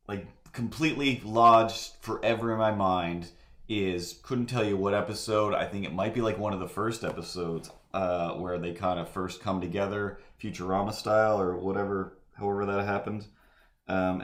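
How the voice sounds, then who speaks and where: Low-voiced man rambling while drawing. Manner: meandering, full of fillers and asides. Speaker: livestream artist. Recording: echoey room.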